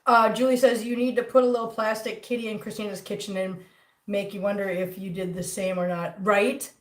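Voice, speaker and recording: A woman's voice: medium pitch, little pitch movement, brisk. Chatty woman in an echoey room. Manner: chatty, teasing, reads viewer comments aloud. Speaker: cat channel host. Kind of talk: casual livestream chat. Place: home room.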